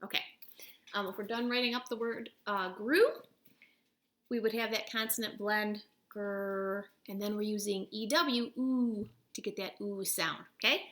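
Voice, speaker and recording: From her home, a woman records a spelling lesson, breaking words into parts and sounding them out with patience and encouragement. Her voice is bright and clear, mid-range and steady, and she speaks at a measured pace.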